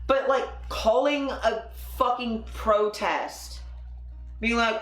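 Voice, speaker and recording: A woman's voice: fairly high pitch, takes it slowly, fairly bright tone, echoey room, soft background music. Angry, sarcastic woman streamer. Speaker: political livestream host. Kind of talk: casual political commentary.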